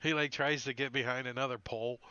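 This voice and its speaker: Laughing male game master, bright voice. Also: mid-range voice, fairly even intonation, clear, resonant tone, dry recording, highs cut off. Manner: laughing often, quick loose narration. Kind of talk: narrating a tabletop game, casual.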